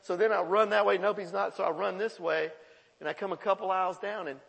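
A pastor preaching a sermon, his voice sitting high for a man. He tells stories in a loose, conversational way and laughs along with the room. The sound carries a long reverb from the church hall. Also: quick pace, creaky. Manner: storytelling, conversational, animated with laughter. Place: church sanctuary.

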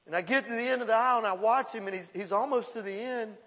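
High-voiced pastor in a reverberant hall. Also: male voice, quick pace. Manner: storytelling, conversational, animated with laughter. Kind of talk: sermon. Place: church sanctuary.

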